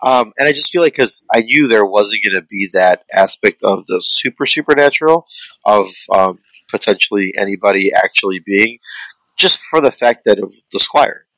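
A man in a casual chat about a film, talking in a rambling, profane, animated way. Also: lowish voice, normal speed, dry recording, poor audio. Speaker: podcast co-host reviewing a film.

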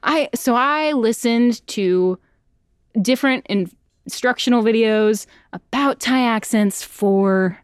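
A woman's voice: on the high side, slow pace, smooth, no room sound, clean studio sound. A young woman voice actor chatting as an interview guest, bubbly and self-deprecating, laughing often. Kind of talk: casual interview chat.

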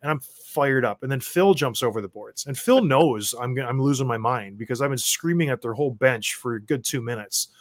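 A man, a former hockey enforcer, telling stories as a guest in a casual chat and getting loud as he acts out his own rants. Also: mid-range voice, lively intonation, brisk, hardly any pauses, no room sound. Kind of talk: casual storytelling.

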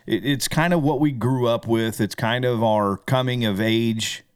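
A man's voice: mid-range voice, measured pace, smooth, no echo, studio quality. A man co-hosting a podcast, a musician talking in a rambling, easygoing way. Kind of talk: casual chat.

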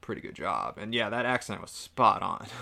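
This East Coast American co-host has a gravelly, fairly low voice and talks at a moderate pace during laid-back film-review banter. Animated throughout, he laughs often and imitates lines by raising his voice.

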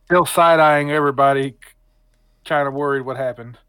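A man's voice: medium pitch, steady tone, moderate pace, fairly bright tone, clear, resonant tone, no room sound. A man describing his character's actions at a tabletop game in a loose, casual way. The sound is dry and close. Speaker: player. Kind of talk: tabletop role-play.

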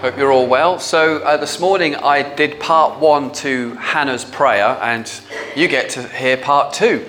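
A man's voice: mid-range voice, a little slow. A man preaching a conversational sermon, talking in a chatty, informal way with filler words.

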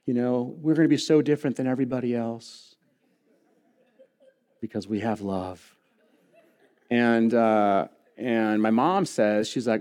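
A male pastor preaching to his congregation, weaving a personal story with light jokes and earnest appeals. His voice sits at an ordinary middle pitch, and he speaks from the stage of a church sanctuary. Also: expressive, normal speed, darkish tone. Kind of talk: sermon.

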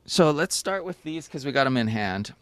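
A man's voice: mid-range voice, big pitch swings, normal speed, smooth, no room sound. A man hosting a podcast in casual chat, easygoing and enthusiastic. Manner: easygoing, enthusiastic about sneakers. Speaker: podcast host.

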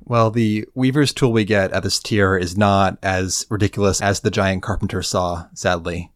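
A man co-hosting a podcast, calmly narrating the steps of a game quest with dry, understated remarks. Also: sits low, moderate pace, no echo. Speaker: podcast co-host. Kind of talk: casual chat recapping a game questline.

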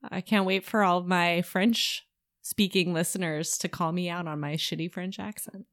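A woman's voice: on the low side, steady tone, a bit bright. Joking woman podcast co-host. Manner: joking, quick quips. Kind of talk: casual chat.

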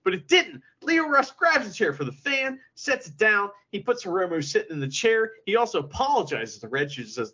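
A man co-hosting a podcast, chatting casually and profanely, retelling events with lively quoted asides. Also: fairly high pitch, fairly quick, hardly any pauses, slightly rough, highs cut off. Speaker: podcast co-host. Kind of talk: casual chat recapping wrestling.

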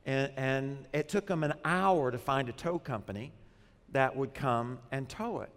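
A man who grew up in Arkansas, preaching a sermon in a lively, conversational way with bits of humor. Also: mid-range voice, a little slow, big-room sound. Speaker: pastor.

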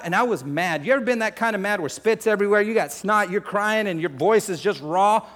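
A man preaching a sermon, emotional, shifting between loud urgency and hushed confession, talking to the crowd as folks and family. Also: high voice, expressive, a little fast, few pauses. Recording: long hall reverb.

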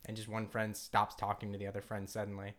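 A man's voice: lowish voice, completely flat delivery, fast talker, a bit bright. A man co-hosting a podcast, chatting casually, laughing often and trailing off mid-sentence. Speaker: podcast co-host. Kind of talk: casual chat.

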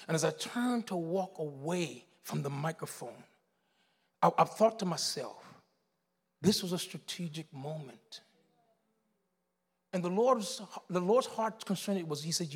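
A man, preaching a sermon as pastor, telling a story in hushed tones and building to shouted exhortation. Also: on the high side, lively intonation, moderate pace, long pauses, slightly rough, in a large hall.

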